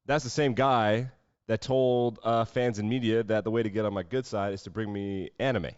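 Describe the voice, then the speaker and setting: Wry, low-voiced man hosting a sports podcast. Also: fairly even intonation, normal speed, a little mellow, clean tone, dry recording, dull audio. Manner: sarcastic, wry asides. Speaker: podcast host. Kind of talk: solo sports podcast commentary.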